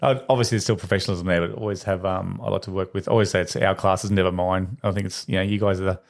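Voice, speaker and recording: Fast-talking gravelly Australian host. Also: male voice, low-pitched, steady tone. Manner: chatty, quick, affirms with frequent yeahs. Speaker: podcast host, teacher. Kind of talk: casual interview chat.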